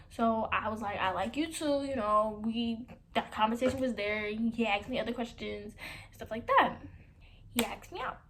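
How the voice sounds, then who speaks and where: A young woman with a slightly high voice chats through a casual storytime. She acts out what each person said and drops into dramatic gasps and whispered asides. A faint hiss sits under her voice. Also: fairly bright tone. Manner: chatty, quoting both sides of conversations. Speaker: vlogger.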